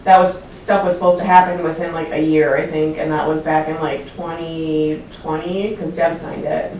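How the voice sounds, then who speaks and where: A woman on city staff chimes in with quick remarks and details during a public meeting. She is heard from far off in a very echoey meeting room with a faint hiss. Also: low voice, level tone, a little mellow. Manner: quick interjections, fills in details.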